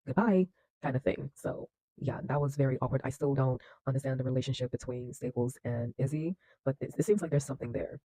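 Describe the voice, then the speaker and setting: A man's voice: medium pitch, fairly even intonation, quick pace, dark tone, dry recording, rough recording. Enthusiastic slangy man reacting to a film. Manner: enthusiastic, laughs often, many fillers and restarts; slangy and effusive. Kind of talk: casual film reaction commentary.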